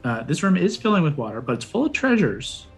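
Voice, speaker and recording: A man's voice: on the high side, sing-song, fairly quick, soft background music. A man running a tabletop role-playing game as game master, thinking aloud and joking as he goes.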